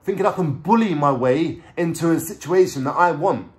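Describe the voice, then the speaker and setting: A man's voice: fairly high pitch, normal speed. London man in his own voice, street slang, swears freely, casual storyteller. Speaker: vlogger.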